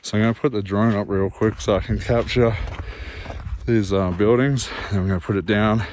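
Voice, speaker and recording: A man's voice: lowish voice, fairly even intonation, moderate pace, darkish tone, a little hiss or hum. An Australian man filming a vlog on his phone in the woods, shaken and out of breath, sighing and repeating himself. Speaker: vlogger. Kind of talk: handheld outdoor vlog. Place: woods, outdoors. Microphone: phone held in hand.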